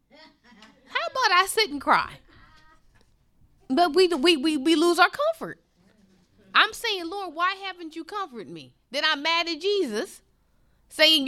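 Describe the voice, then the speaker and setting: Impassioned woman preacher, lively pitch. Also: unhurried, pauses often. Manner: impassioned, swings from loud to hushed. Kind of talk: sermon.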